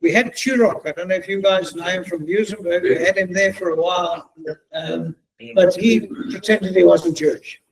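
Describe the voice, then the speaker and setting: A man's voice: high-pitched, steady tone, normal speed, gravelly, husky, poor audio. A middle-aged man giving a chatty, joking talk as guest speaker, telling anecdotes. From South Africa. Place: synagogue event hall.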